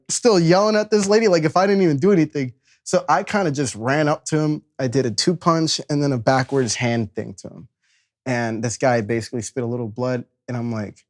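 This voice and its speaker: A young man from Chicago telling a story about himself in a loose, animated way, acting out voices, laughing at himself and swearing freely. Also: on the high side. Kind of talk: casual spoken storytelling.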